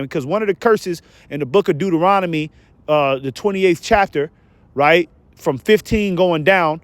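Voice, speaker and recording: A man preaching in a loose, profane street style, circling back on his points with lots of filler. He sounds earnest and pushing, his voice a bit high. The sound is dry and close, with no room echo. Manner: profane, repetitive, filler-heavy; earnest, exhorting. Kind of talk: casual religious exhortation.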